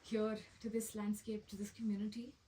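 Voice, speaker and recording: A woman's voice: mid-range voice, monotone, moderate pace, distant mic, slight background noise, low-quality recording. Grateful woman speaking from across the room. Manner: warm, grateful, with fillers. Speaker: translator and organizer. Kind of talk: thank-you remarks.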